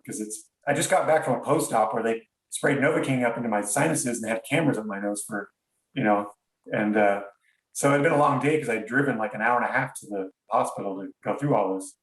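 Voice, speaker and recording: A man's voice: mid-range voice, moderate pace, fairly bright tone. Man telling his own story, earnest, stops and restarts a lot, roomy echo, sits back from the mic. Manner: earnest and reflective, with frequent restarts. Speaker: podcast guest. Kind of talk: personal storytelling. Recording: roomy sound, distant from mic.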